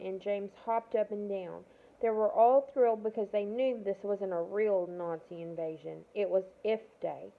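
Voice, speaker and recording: Woman reading a novel aloud, self-correcting stumbles, tinny phone-like recording. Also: mid-range voice. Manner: stumbles and corrects herself mid-sentence. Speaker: reader of a novel.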